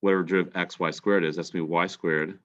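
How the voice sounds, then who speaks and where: Congested male math teacher, very low voice, walks through each step deliberately; muffled lo-fi classroom recording. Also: steady tone, fairly bright tone. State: congested, clearing throat. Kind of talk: recorded calculus lesson.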